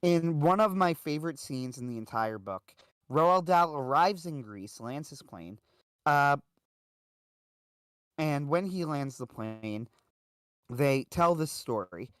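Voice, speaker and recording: A man's voice: on the high side, lively intonation, takes it slowly, long pauses, a bit bright, clear, resonant tone, no echo, clean studio sound. A man hosting a livestream, telling a story in a casual, rambling way with lots of fillers. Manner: rambling, full of "uh" and "like". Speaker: livestream host.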